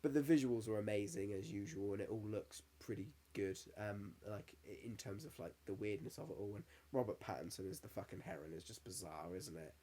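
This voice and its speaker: A man's voice: lowish voice, fairly quick, hardly any pauses, mellow. A man in his thirties, co-hosting a podcast in casual chat, candid and sweary, getting emotional as he tells stories. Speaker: podcast co-host.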